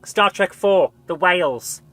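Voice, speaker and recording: A woman hosting a live gameplay stream, chatting casually and thinking aloud while she plays, with quick reactions. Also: fairly low pitch, fairly bright tone, dry recording. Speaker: streamer and show host.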